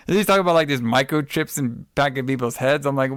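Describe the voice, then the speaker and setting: A man's voice: mid-range voice, normal speed, clear, resonant tone, dry recording, studio quality. A man co-hosting a podcast, recapping a movie in rambling casual chat, cursing, laughing and saying bro. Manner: rambling, profane, laughs often, calls people bro. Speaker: podcast co-host.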